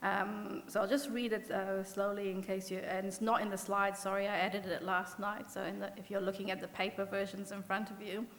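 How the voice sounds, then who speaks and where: Speaking a little fast with hardly any pauses, a New Zealand economist on a symposium panel presents at a conference. Her medium-pitched, slightly bright voice stays fairly level as she talks earnestly and self-deprecatingly, with frequent fillers and restarts, through a podium mic in a hall with long reverb.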